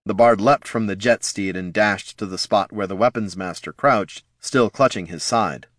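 A man reading a fantasy story aloud in a steady, measured way, his voice sitting on the low side. The close studio recording is dry, with no room sound around him. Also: no room sound. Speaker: audiobook narrator. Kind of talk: scripted fantasy narration.

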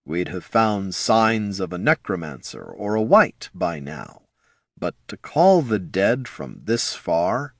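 A man voicing a brooding, guarded young male wizard who speaks slowly and quietly. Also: low-pitched, sing-song, creaky, no room sound, clean studio sound, exaggerated voice. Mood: somber.

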